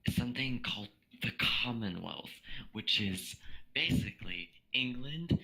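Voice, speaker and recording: A man's voice: mid-range voice, expressive, unhurried, creaky, sharp tone, low-quality recording. A drunk young man rambling and swearing nonstop while chatting with friends. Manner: rambling, slurred, swears constantly. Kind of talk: casual chat with friends over voice chat.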